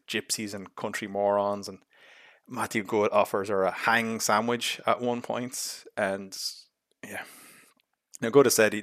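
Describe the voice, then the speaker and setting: A young man hosts a casual film talk, blunt and sarcastic, full of restarts and asides. His voice sits low, and the recording is dry and close with no room sound. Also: fairly bright tone, no echo. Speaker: host.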